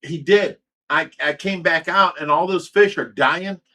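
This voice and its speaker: A man with a slightly high, sharp voice talks at a measured pace. Hosting a livestream, he tells a story in a heated, profane way.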